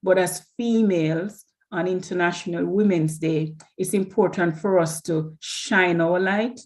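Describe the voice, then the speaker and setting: A woman's voice: on the low side, fairly even intonation, measured pace, darkish tone. A woman guest speaking in an interview conversation, talking in an earnest, encouraging way.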